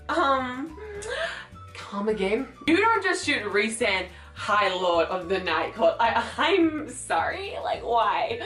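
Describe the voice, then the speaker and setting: A young woman with a fairly high voice chats through a book review, rambling with fillers and acting out lines as she retells scenes. She is recorded a little back from the mic in a roomy, echoey space, with faint music under her voice. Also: a bit bright, recorded from a distance. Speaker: book vlogger. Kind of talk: casual book review chat.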